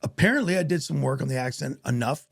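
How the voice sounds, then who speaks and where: A man, an actor guest on a podcast, telling stories in a casual, animated way and acting out what others said. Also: medium pitch, fast, vocal fry, breathy edge, no echo, clean studio sound. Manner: animated, acts out quoted voices. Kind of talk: casual storytelling interview.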